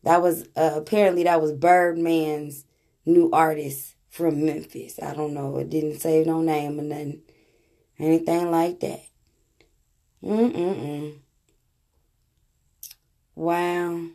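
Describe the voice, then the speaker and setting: Animated woman reacting to clips. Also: deep voice, takes it slowly, long pauses. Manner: animated, laughing, chatty. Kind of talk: casual reaction commentary.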